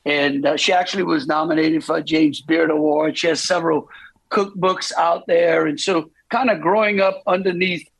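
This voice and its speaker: A man from South Louisiana with a Cajun accent, talking as a phone-in guest in a halting way full of repeated words. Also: fairly high pitch, steady tone, gravelly, a bit bright, slightly rough, low-quality recording. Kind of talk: casual phone conversation.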